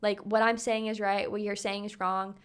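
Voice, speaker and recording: A woman's voice: mid-range voice, little pitch movement, moderate pace, clear, resonant tone. Chatty young woman co-hosting a podcast. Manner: chatty, many fillers, laughs often. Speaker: podcast co-host. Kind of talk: casual chat.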